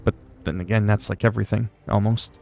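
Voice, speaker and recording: A man's voice: on the low side, steady tone, fast, creaky, a little mellow, faint music behind. A male streamer chatting casually while playing a game, laid-back and rambling, with plenty of swearing. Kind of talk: casual gaming livestream chat.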